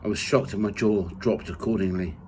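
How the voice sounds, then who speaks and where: A man reading from his own memoir in the first person, measured and steady. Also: fairly low pitch, a little hiss or hum, low-quality recording. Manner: measured reading, rising loud for quoted shouts.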